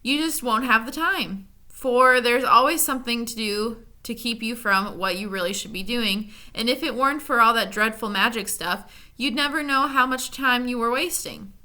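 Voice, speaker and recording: A woman's voice: a little high, moderate pace, few pauses. A woman voicing a scheming male demon of petty tasks, snarling and then coaxing. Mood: gloating. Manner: snarling, then soft and wheedling.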